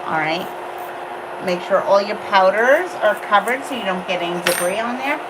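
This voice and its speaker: A woman's voice: mid-range voice, expressive, normal speed. A woman from Long Island, a nail technician, patiently coaching a student through a hands-on demo for her online chat. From Long Island, New York. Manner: patient, coaching, playful asides. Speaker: nail technician teaching on a livestream. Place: nail salon workstation. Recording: constant dust-extractor noise. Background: machine whir.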